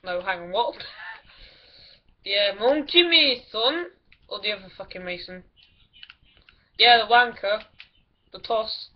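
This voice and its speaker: A woman's voice: mid-range voice, expressive, takes it slowly, pauses often. A woman chatting casually over a video game, giggly, rambling and full of crude jokes. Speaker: gameplay commentator. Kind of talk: casual gaming commentary with friends. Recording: lo-fi recording with clear background music.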